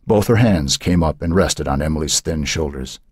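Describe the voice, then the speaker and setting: A man narrating a horror novel in a measured, dramatic way. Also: rumbling low, darkish tone, husky, no echo, studio quality. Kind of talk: audiobook narration.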